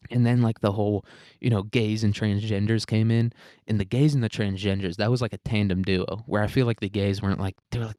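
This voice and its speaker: A man's voice: fairly low pitch, steady tone, a little fast, warm tone, dry recording, studio quality. A man hosting a solo podcast, ranting in a crude, sarcastic, rambling way and chuckling often. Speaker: podcast host. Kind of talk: solo comedic rant.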